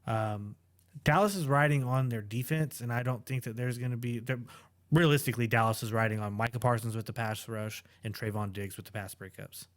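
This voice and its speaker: A man's voice: medium pitch, fairly quick. A man talking fantasy football on a casual podcast, sure of his takes. He often trails off into fillers and restarts his sentences, in an ordinary mid-range voice. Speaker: podcast co-host. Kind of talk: casual sports chat.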